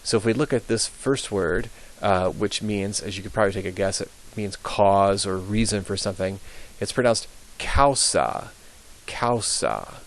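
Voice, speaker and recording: A young adult man teaching a high school Latin pronunciation lesson, patiently repeating words slowly with frequent ums. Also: fairly even intonation, low-quality recording.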